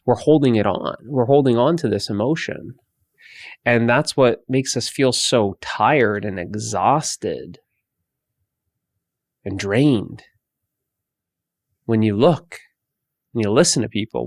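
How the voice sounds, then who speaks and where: A man teaching about emotions in a slow, repetitive way, often restarting his sentences. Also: medium pitch, gravelly, no room sound. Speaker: meditation teacher. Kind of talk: spoken guidance talk.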